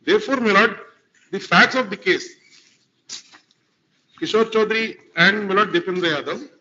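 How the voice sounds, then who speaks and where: High, bright-voiced Indian advocate. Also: male voice, normal speed, a little hiss or hum. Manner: formal, addresses the bench as my lord throughout. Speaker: advocate arguing before a court. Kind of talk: courtroom legal argument. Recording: lo-fi courtroom livestream audio.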